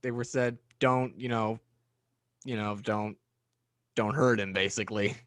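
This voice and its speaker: A man's voice: lowish voice, fairly even intonation, measured pace, fairly bright tone, no room sound, studio quality. A man hosting a casual interview podcast, speaking loosely and restarting his sentences. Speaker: podcast host.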